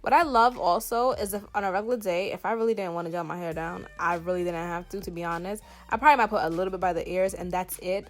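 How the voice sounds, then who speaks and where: Talking fast with few pauses, a Southern-accented woman in her twenties walks through a hair tutorial in a casual chat to camera. Her lowish voice keeps a fairly even intonation, her beauty-vlogger manner is playful, emphatic, and full of fillers, and faint music runs underneath.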